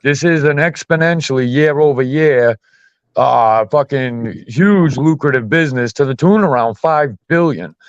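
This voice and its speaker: A man's voice: mid-range voice, unhurried, smooth, no echo. Man, blunt and profane, casual chat, heated delivery, muffled dry recording. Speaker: podcast host. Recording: dull muffled dry sound.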